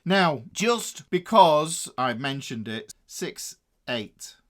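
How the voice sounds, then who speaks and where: Man, northern english accent, guitar lesson, counting beats aloud, slightly high voice. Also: big pitch swings, drawn-out words. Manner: explains then counts beats aloud, trailing off lower. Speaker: guitar teacher. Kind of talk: music lesson.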